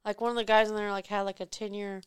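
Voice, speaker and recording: A woman's voice: mid-range voice, flat delivery, fast talker, clear, resonant tone, no room sound, clean studio sound. A woman co-hosting a casual podcast chat, rambling with many fillers. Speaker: podcast co-host.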